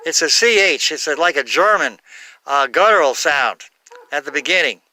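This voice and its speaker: A man giving an unscripted Bible talk, halting, with many fillers and self-corrections. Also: a little high, bright, forceful tone, clear, resonant tone, dry recording. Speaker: Bible teacher.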